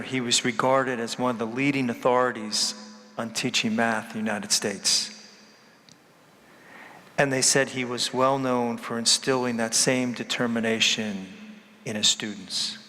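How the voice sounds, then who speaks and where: A man's voice: medium pitch, steady tone, normal speed, bright, forceful tone, long reverb tail. A man giving a sermon as a priest, emphatic, repeating key words and asking the congregation rhetorical questions.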